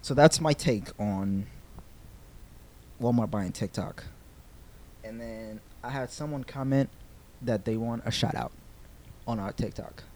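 A young man hosting a podcast, telling a story in casual chat, animated, with swearing and laughter. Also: mid-range voice, a little slow, long pauses. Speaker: podcast host. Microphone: podcast microphone.

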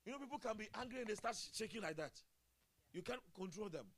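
A man preaches a sermon, his voice sitting a little higher than most men's. He chuckles often and swings between soft, low murmurs and loud, ringing exclamations. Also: lively intonation, quick pace. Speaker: pastor. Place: church service.

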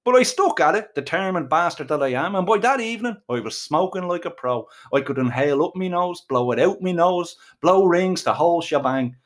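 A man's voice: a little high, expressive, a little fast, few pauses. A middle-aged Irish man telling a crude, comic story with colourful swearing.

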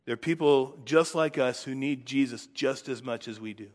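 A man preaching a sermon as pastor, earnest, building force on key words and dropping soft at phrase ends. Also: mid-range voice, normal speed, big-room sound.

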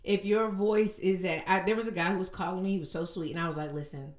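A woman's voice: medium pitch, fast talker, a crowd in the background. A woman co-hosting a casual chat, teasing and emphatic, laughing often as she talks. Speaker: podcast co-host. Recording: echoey room.

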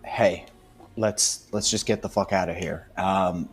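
A man's voice: sits low, fairly even intonation, a little slow, breathy edge, faint music behind. A man voicing a shaken, blunt-talking skeleton who swears freely, in a tabletop game.

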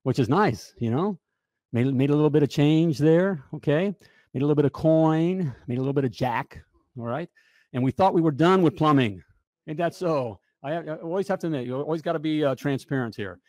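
A man coaching plumbers in a casual, joking sales pitch, often checking in with "all right?". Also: lively intonation, brisk, mellow, dry recording, clean studio sound. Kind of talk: casual promotional pitch to camera.

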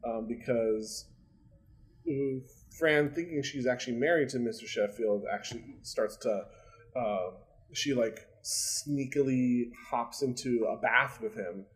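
A man at an ordinary middle pitch co-hosts a casual podcast. He rambles through his retelling with many fillers and restarts. He swears freely and laughs often. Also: measured pace, low-quality recording. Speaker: podcast co-host. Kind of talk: casual chat recapping a sitcom.

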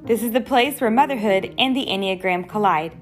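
Hosting her podcast solo, a young woman addresses her audience directly in a personal, earnest way, her mid-pitched voice brisk and conversational. Faint music plays behind her.

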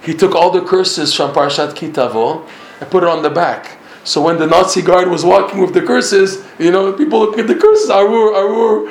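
A man giving a religious lecture in an emphatic way, often repeating himself and chuckling. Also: sits high. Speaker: religious teacher. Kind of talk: Torah lecture. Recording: roomy echo.

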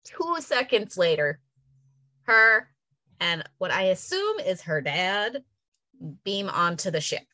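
A woman's voice: slow, long pauses, no echo. A woman chatting casually as a podcast co-host, retelling a story with filler words and acting out the characters' lines. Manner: animated storyteller, acts out characters' lines with big pitch jumps; casual, filler-heavy, swears. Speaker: podcast co-host recapping an episode. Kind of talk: casual chat.

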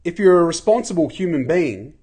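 Sweary man ranting, husky voice. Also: a little high, expressive, brisk, dark tone. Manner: profane, swears constantly, rants. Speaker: podcast host. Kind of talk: casual ranting monologue. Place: walking outdoors, then indoors at home.

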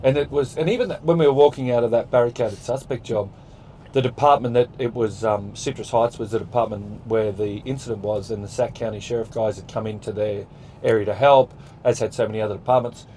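A man's voice: mid-range voice, steady tone, a little fast, warm tone, slight background noise, rough recording. A man with an Australian accent, co-hosting a podcast in casual chat, talking in an earnest, reflective way. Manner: earnest, reflective, praises at length. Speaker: podcast co-host.

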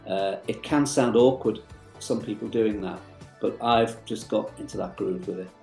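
Gravelly Liverpool voiceover man. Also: on the low side, moderate pace, echoey room, soft background music. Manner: rambling, relaxed, many fillers. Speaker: voiceover artist. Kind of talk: casual interview talk.

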